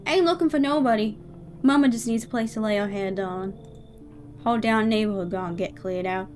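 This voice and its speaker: A woman's voice: medium pitch, a little fast, darkish tone, soft background music, lightly acted. A woman voicing a folksy older Southern woman who has been evicted, with a Southern American accent and a drawling, colloquial way of talking.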